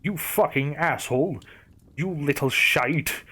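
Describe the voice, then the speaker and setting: A man's voice: a little high, slow pace, pushed and bright, slightly rough, full character voice. A man voicing a spiteful old male trickster who snarls and growls his threats in a horror story narration. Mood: furious. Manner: snarling, growled through clenched teeth.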